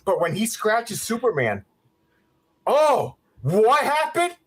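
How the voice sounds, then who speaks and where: A man's voice: high-pitched, huge pitch swings, slow pace, fairly bright tone, slightly rough. A man hosting a podcast, giving a heated, profane rant reviewing a movie. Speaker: podcast host.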